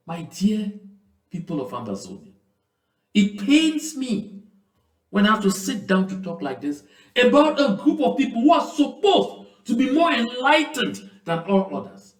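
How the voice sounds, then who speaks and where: A man's voice: high voice, roomy sound, poor audio. A man giving impassioned commentary, speaking emphatically and breaking into indignant questions. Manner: emphatic, rising to indignant outbursts.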